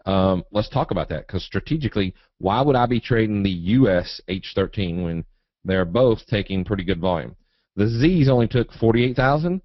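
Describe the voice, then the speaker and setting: A man with a Southern accent from Eastern Kentucky leads a live webinar on trading in a low, easygoing voice. He jokes in a folksy way as he reads out questions and answers them. The audio is dry and slightly muffled, like a dull web stream. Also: normal speed, no room sound. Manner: folksy, relaxed, joking. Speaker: trading educator. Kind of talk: live webinar teaching, reading viewer questions.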